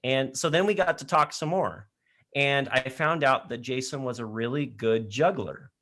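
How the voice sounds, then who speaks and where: A man speaking in an online session from his laptop mic, telling an animated story to high school students with frequent laughter. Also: moderate pace. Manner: energetic, animated storyteller who laughs often. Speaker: leadership program speaker.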